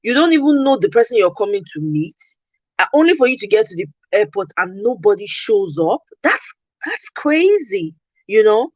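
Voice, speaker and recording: A woman's voice: mid-range voice, brisk, dry recording, dull audio. A Nigerian woman hosting a casual talk, telling a story with animation and acting out what she said. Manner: animated storytelling, acts out her own quoted replies. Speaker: podcast host. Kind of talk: casual chat.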